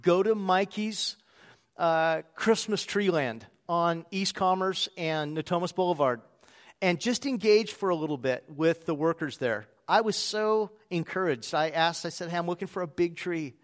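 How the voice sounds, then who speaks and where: A man's voice: a little high, measured pace. A man preaching a sermon as a pastor, in a conversational storytelling way.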